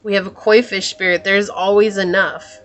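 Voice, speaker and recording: A woman giving a pick-a-card tarot reading in a musing, soft-spoken way, often trailing off and correcting herself. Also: mid-range voice, fairly even intonation, normal speed. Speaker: tarot reader.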